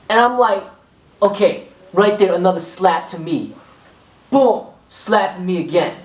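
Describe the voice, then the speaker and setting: In an informal spoken lesson, a man teaching kung fu rambles along, repeating "boom" and acting out exchanges. His voice is expressive and a little slow, with frequent pauses. The mic is far away and the room is echoey.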